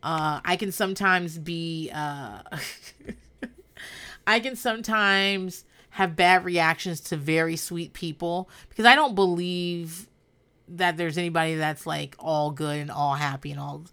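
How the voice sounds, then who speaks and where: A woman's voice: lowish voice, unhurried, pushed and bright, clean tone. A woman hosting a casual podcast recap, talking bluntly with lots of swearing and laughter. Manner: blunt and profane, with frequent laughter. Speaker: podcast host. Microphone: podcast microphone.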